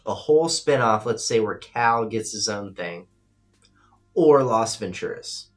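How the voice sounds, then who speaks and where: A man's voice: fairly low pitch, lively intonation, unhurried, faint music behind. A man hosting a live-streamed show, chatting casually, reading viewer comments and giving loose, opinionated takes with free swearing. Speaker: livestream radio show host.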